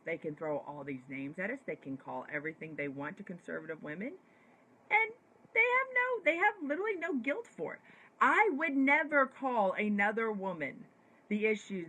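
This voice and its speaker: A woman's voice: medium pitch, fairly bright tone, slightly rough, rough recording. A woman political commentator delivering an emphatic, indignant opinion monologue straight to the camera. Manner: indignant, emphatic, punchy repetitions.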